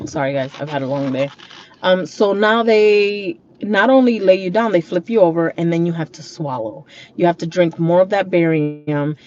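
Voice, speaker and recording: A woman's voice: fairly low pitch, normal speed, a little mellow. A woman talking casually and bluntly to her viewers while driving, swearing freely as she chats. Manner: blunt and profane, chatty. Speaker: vlogger. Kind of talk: casual car vlog monologue. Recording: muffled lo-fi audio with road noise. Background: traffic and road noise.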